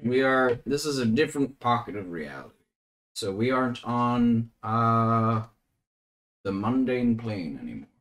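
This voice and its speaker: A man's voice: mid-range voice, expressive, measured pace, fairly bright tone. A man playing a tabletop game, explaining things in a playful, reassuring way. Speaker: player. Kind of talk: casual tabletop play.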